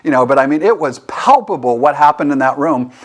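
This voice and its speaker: A middle-aged man giving a motivational lesson on networking, acting out both sides of the dialogue in an animated way. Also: mid-range voice, a little fast. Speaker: leadership teacher and host. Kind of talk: motivational talk.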